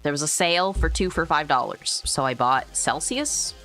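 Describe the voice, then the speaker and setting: A woman livestreams casual chat into a new desk microphone, her low-pitched, fairly bright voice animated and moderately paced. She rambles, laughs often, and swears freely, with faint music in the background.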